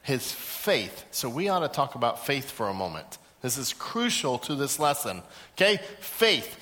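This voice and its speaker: A middle-aged man, a pastor, teaching a Bible lesson to a seated group, animated as he acts out little scenes and repeats his key points. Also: fairly high pitch, big-room sound. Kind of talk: sermon to a live group. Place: large room with a seated audience.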